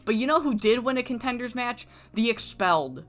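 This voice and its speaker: A woman's voice: a little high, lively intonation, fairly quick, faint music behind, close to an everyday voice. A woman voicing a blunt male wrestling promoter who sounds exasperated and curses while telling a game story. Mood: dismissive.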